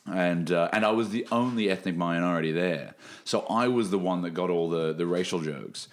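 A man's voice: low voice, moderate pace. A man with a mixed American and Australian accent, a podcast guest chatting casually and rambling, often repeating words. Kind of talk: casual chat.

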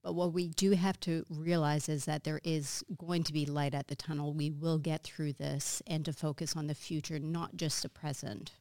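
A woman's voice: low voice, flat delivery, normal speed, hardly any pauses, a little mellow, dry recording. A woman, a confidence mentor, answering interview questions in an upbeat, encouraging way. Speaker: guest expert, confidence mentor.

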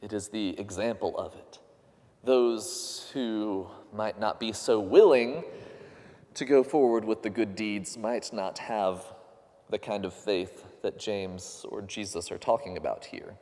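A man's voice: lowish voice, takes it slowly, warm tone, big-room sound. A man preaching a sermon, earnest and questioning, lifting his voice when he quotes others. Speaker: pastor.

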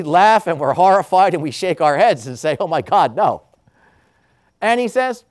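Preaching a homily, a male priest uses a slow, measured style and lively intonation, rising into emphatic moments and dropping to hushed conclusions.

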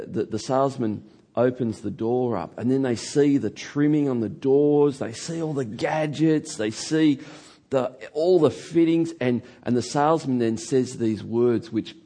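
Male pastor, sermon, husky tone, storytelling, stretches words for emphasis. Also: mid-range voice, unhurried. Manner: animated storytelling preacher, stretching key words. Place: church hall.

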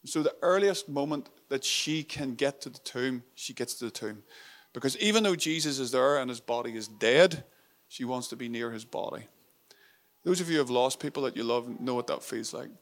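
A male preacher delivers a sermon in an earnest, intimate tone at a middling pitch. He repeats phrases for emphasis and sinks into a near-whispered hush on tender lines. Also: moderate pace.

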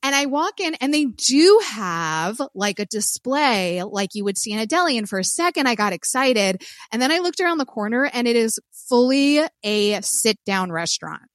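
A woman co-hosting a podcast, telling a story in animated casual chat, cursing freely and acting out what people said. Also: a little high, moderate pace, hardly any pauses, dry recording, studio quality. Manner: animated storyteller who swears and acts out quotes. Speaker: podcast co-host.

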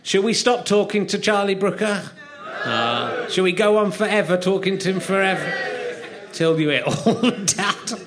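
A man's voice: sits high, animated, normal speed, noisy background. A middle-aged man hosting a comedy podcast, chatting casually with a rambling, joking, self-mocking manner. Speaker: podcast host. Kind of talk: casual comedic chat on stage.

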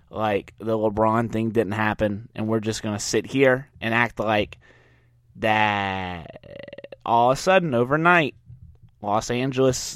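A man's voice: mid-range voice, a bit bright, dry recording. Sarcastic young man ranting, dry sound. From Louisiana. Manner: sarcastic, mocking, riled up. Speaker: podcast host. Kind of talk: solo sports podcast rant.

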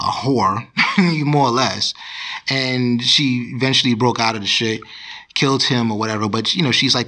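A man's voice: mid-range voice, sharp tone. A man hosting a podcast, ranting in casual, profane commentary, with many repeats and restarts. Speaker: podcast host.

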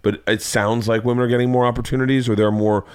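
A man's voice: mid-range voice, flat delivery, fast, smooth. A middle-aged man hosting a podcast, telling rambling stories in casual chat and swearing freely. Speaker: podcast host.

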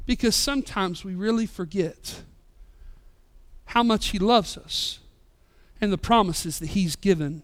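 A man in his thirties, a pastor preaching a sermon with passion, rising loud and dropping soft. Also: high-pitched, a little slow, long pauses. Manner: impassioned, swings between loud and soft. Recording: live church sermon podcast.

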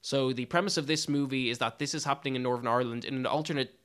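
Animated man reviewing a film. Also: very fast, smooth. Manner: animated, pitch jumps up when incredulous; restarts and stumbles often. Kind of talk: casual film review chat.

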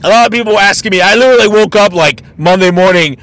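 The host of a casual solo podcast talks fast in a high, somewhat bright voice. His delivery is a blunt, mocking rant, exasperated and heavy with profanity.

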